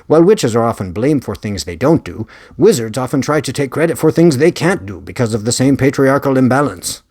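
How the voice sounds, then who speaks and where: A man's voice: mid-range voice, big pitch swings, fairly quick, darkish tone, slightly rough, dry recording, clean studio sound, voice pushed up. A man voicing an eccentric, earnest male investigator with a faint Spanish accent, lecturing about his theories. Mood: musing. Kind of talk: audiobook character reading.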